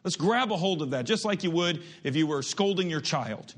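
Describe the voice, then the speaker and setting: Middle-aged guy preaching, reads scripture slow and builds it up, then gets quiet and reflective. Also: on the high side, animated. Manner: reads scripture slowly with rising emphasis. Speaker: pastor. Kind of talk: sermon.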